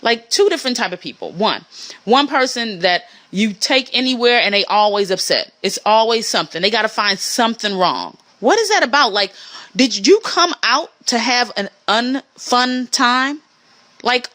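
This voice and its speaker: Animated, bright-voiced woman riffing. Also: normal speed. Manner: animated, swinging pitch for emphasis, mimics people she describes. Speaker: podcast host. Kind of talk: casual monologue.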